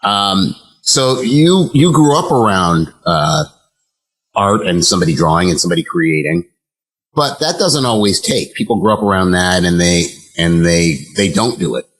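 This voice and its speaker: A man hosting an interview, asking questions slowly and haltingly, with restarts and fillers. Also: low voice, lively intonation, fairly bright tone, low-quality recording. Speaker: interview host.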